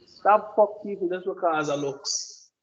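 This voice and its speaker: A man's voice: sits high, unhurried, highs cut off. A man with a Jamaican accent delivering an emphatic, preachy opinion monologue, often repeating his words. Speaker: commentator.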